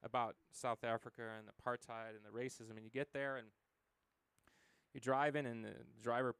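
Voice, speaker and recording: A man's voice: medium pitch, flat delivery, normal speed, fairly bright tone, smooth, no echo. A man in his forties from the United States, a musician telling stories as an interview guest, rambling with many fillers and acted quotes. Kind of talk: casual interview conversation.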